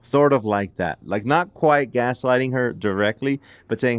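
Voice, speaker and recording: A man's voice: mid-range voice, moderate pace, smooth, dry recording. A man hosting a podcast, retelling a case in a casual, chatty way full of "like"s and restarts. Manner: chatty, filler-heavy with many "like"s and restarts. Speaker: podcast host. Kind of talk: casual storytelling narration.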